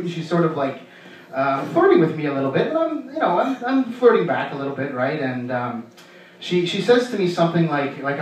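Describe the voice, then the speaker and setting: A man's voice: on the high side, very echoey, far from the mic, rough recording. A young man from Canada doing a stand-up comedy set on a club stage, rambling along with lots of fillers and restarts. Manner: rambling, halting delivery with many fillers and restarts.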